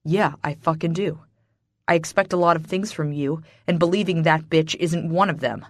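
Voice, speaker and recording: A woman's voice: deep voice, moderate pace, no room sound, studio quality, lightly acted. A woman narrator voicing a hard, brooding man who answers in curt, growled lines.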